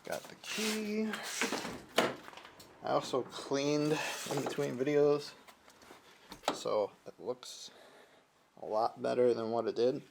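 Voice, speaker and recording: A man's voice: medium pitch, little pitch movement, slow pace, vocal fry, long pauses. A young man casually thinking aloud as he works on his car, narrating for his vlog. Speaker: car vlogger. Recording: loud car engine noise behind.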